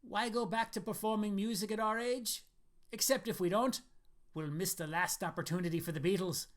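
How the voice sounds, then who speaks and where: A man's voice: sits high, normal speed, pitched above the performer's own voice, close to an everyday voice. A man voicing a restless, persuasive middle-aged ex-rock musician in a story reading. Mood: urgent. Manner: urgent, persuasive.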